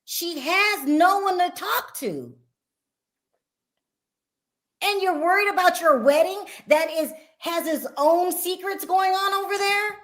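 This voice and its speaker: A woman with a high, light voice hosts a casual gossip talk show. She talks bluntly and with animation, and she laughs easily as she gives her opinions. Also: takes it slowly, fairly bright tone. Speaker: podcast host.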